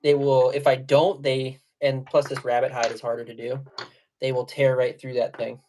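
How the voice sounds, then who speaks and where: A man's voice: medium pitch, little pitch movement, normal speed, a little mellow, slight background noise. Rambling slangy man telling fishing stories. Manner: rambling storyteller, laughs while telling stories; loose slangy speech with many fillers. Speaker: fly and jig tier on a livestream. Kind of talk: casual livestream chat.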